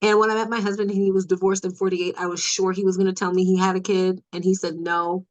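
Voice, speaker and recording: Woman, podcast guest, earnest, reflective, candid chat, mid-pitched voice. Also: fast talker, low-quality recording. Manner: earnest and reflective, getting animated at points.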